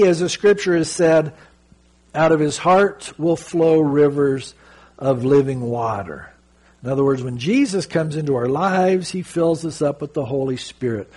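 A middle-aged man from Southern California preaching a sermon, reading scripture slowly and telling stories earnestly. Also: on the high side, breathy edge. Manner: earnest, animated storytelling with slow scripture reading. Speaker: pastor.

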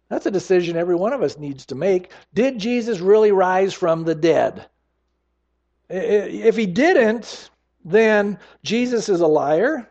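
A man preaching a sermon with emphasis, slowing down to stress the scripture lines he quotes. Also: high-pitched, a little mellow, muffled recording. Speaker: pastor.

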